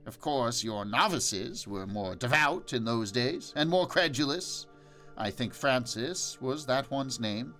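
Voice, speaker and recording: A man's voice: mid-range voice, fairly bright tone. A man doing a cranky ancient hermit. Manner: mocking, sing-song, cranky. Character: cantankerous ancient hermit, old man, wry.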